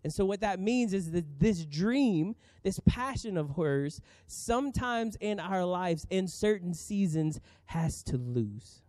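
A man in his thirties preaching a sermon as pastor, earnest and emphatic with dramatic pauses. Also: high voice, animated, warm tone, dry recording.

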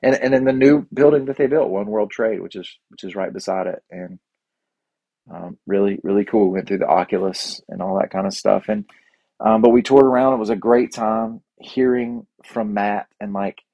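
Low-voiced man telling a rambling story. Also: moderate pace, mellow, no echo, highs cut off. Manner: rambling and enthusiastic, with many restarts. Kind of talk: casual storytelling.

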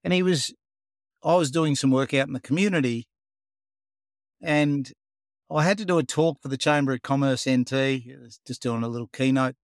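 A man's voice: medium pitch, moderate pace, no room sound, studio quality. An Australian man, the founder of a program, telling a story in a casual interview, acting out the dialogue with plenty of life. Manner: animated storyteller, acts out dialogue, says "mate".

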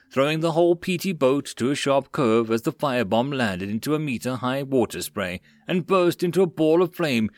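A man narrating a web novel audiobook in a steady reading voice. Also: medium pitch, no room sound.

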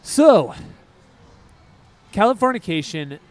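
A man co-hosting a music podcast in casual chat. He talks in a rambling, excitable way and drifts off on tangents. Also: high voice, slow pace. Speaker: podcast co-host.

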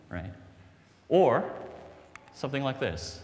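A man preaching a sermon as pastor, conversational and animated, often checking in with "right?" and "okay?". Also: medium pitch, normal speed, in a large hall.

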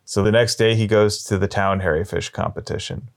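A man telling long shaggy-dog jokes in a deadpan way, slowing down and pausing as he builds them up. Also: on the low side. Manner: deadpan, drawn-out storytelling with slow pauses. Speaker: storyteller.

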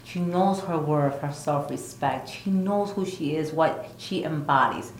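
A woman's voice: low voice, measured pace, reverberant, a little hiss or hum, rough recording. An older woman and spiritual teacher, speaking earnestly and emphatically in a casual interview, often repeating her phrases. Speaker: spiritual teacher and retreat leader.

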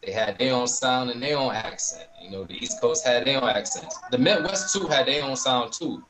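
A man's voice: medium pitch, moderate pace, music in the background, poor audio. A man talking casually as a guest, rambling with many fillers and restarts. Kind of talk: casual chat.

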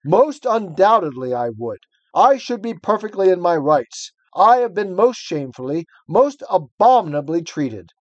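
Guy doing a fussy old gent, huffy and pompous, a bit higher. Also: very animated, moderate pace, no room sound, highs cut off. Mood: indignant. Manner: pompous, aggrieved. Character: indignant fussy old uncle, self-pitying.

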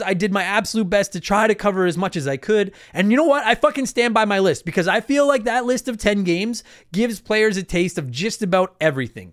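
A man hosting his own podcast in casual solo chat, animated and emphatic, swearing freely as he talks. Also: sits high, smooth, no room sound, studio quality. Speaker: podcast host.

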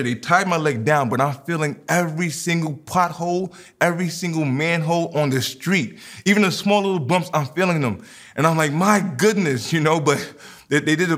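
A man preaching a sermon, leading communion and then telling a personal story with lively quoted dialogue. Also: a little high. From New York. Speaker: pastor.

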